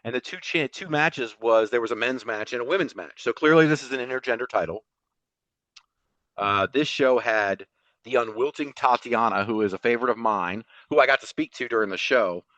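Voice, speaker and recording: A man co-hosting a podcast, recapping a show in a casual, animated storytelling way and laughing often. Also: mid-range voice, a little fast, no echo, muffled recording. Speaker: podcast co-host.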